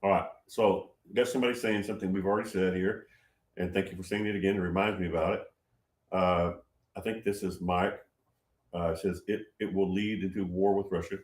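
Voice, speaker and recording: Male livestream host with a slightly low voice, casual and emphatic, circling back on his words, recorded with room echo. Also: fairly even intonation, a little fast, a little mellow. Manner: rambling, repeats himself, emphatic.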